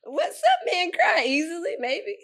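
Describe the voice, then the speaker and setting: A woman co-hosting a podcast, chatting casually in a calm, even, dryly amused way. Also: very high voice, a little slow, over a noisy crowd. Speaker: podcast co-host. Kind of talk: casual chat.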